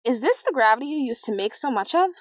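A woman's voice: fairly high pitch, lively intonation, fast, no room sound, voice pushed up, lightly acted. A woman voicing a petulant young princess. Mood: complaining. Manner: fussy, complaining.

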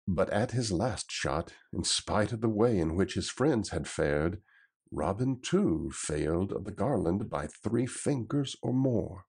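A man reading an old adventure story aloud in a steady, even delivery. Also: on the low side, measured pace, breathy edge. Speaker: narrator.

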